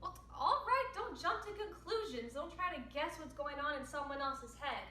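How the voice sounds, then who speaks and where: A woman's voice: sits high, lively intonation, normal speed, pushed and bright, slight background noise. A young woman performing a stage monologue as a caring, chatty sister with wry asides. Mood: tender. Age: late teens. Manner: wry, self-mocking asides. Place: home room over video. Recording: echoey room, distant mic.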